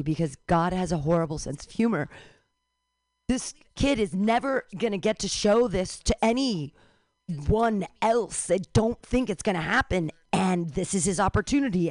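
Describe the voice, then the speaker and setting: A lowish-voiced middle-aged woman tells a comic story, animated and quick to break into loud wails. Her voice sits close and dry, with no room around it. She talks as if to friends on a radio show. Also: no echo. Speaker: comedian telling a story.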